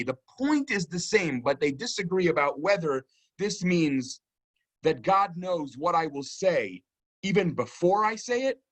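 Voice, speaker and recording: A man, lecturing as a rabbi on a psalm in a thoughtful, explanatory way, often pausing with "um" and checking in with "right?". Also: fairly high pitch, fairly bright tone. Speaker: rabbi teaching a keynote lecture.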